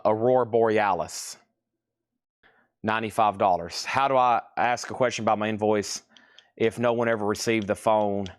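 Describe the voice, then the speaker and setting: A man's voice: on the low side, clean tone, no room sound, clean studio sound. Chatty man hosting a live sale. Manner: chatty, teasing, reading prices quickly. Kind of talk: casual live-stream selling. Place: store.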